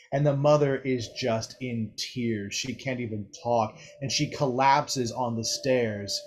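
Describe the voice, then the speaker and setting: A man narrating as game master of a tabletop game in a slow, descriptive way. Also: medium pitch, steady tone.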